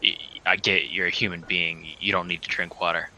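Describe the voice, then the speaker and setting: Deep, bright-toned rambling streamer man. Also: little pitch movement, fairly quick, a little hiss or hum, poor audio. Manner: rambling, restarts often, teasing. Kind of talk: casual chat while gaming live.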